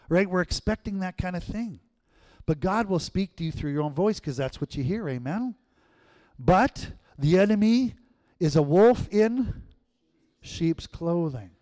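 A male pastor preaching a sermon in church, telling stories and acting out voices, swinging between loud and hushed. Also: fairly high pitch. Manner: animated storyteller, acts out quotes, swings from loud to hushed.

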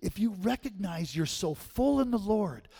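A man preaching a sermon, telling stories in an animated way and laughing often. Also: sits high, moderate pace, gravelly, husky.

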